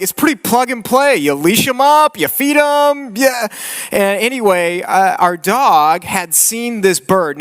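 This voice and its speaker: A man's voice: high voice, fairly bright tone, smooth. A man in his thirties preaching a sermon, telling a personal story with humor and frequent restarts. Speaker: pastor.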